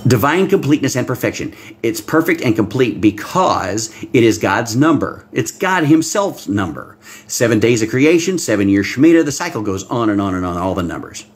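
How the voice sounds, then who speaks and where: A man preaching a livestream Bible-code sermon, excitable, swinging between hushed asides and loud exclamations and talking straight to his viewers. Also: mid-range voice, moderate pace, breathy edge. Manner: talks directly to viewers, reads out comments. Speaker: pastor.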